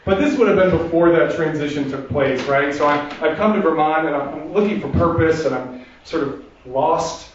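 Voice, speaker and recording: Man, stand-up storyteller, self-deprecating, chatty, slightly high voice, echoey hall, distant, muffled sound. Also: a little hiss or hum. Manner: self-deprecating, chatty, with restarts and quick asides. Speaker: comedian performing a solo show. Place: theater stage before a laughing audience. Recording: distant, roomy, dull live recording.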